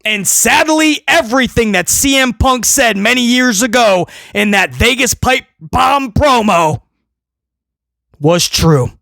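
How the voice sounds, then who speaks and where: Man, wrestling review host, sarcastic rant, high voice, dry close sound. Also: lively intonation, slow pace, creaky, no room sound. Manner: sarcastic, mocking, swings from loud outbursts to low mutters.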